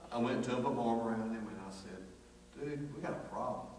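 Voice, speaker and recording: A man preaching a sermon, telling a folksy, animated story full of acted quotes. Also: medium pitch, fast, slight background noise. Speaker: pastor. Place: church sanctuary. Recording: echoey church hall from far off.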